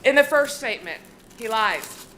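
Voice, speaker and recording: A woman's voice: a little high, expressive, moderate pace, bright, forceful tone, roomy sound, slight background noise. A woman prosecutor giving a closing argument to a jury, persuasive and emphatic. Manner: persuasive, emphatic, quoting the defendant. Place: courtroom.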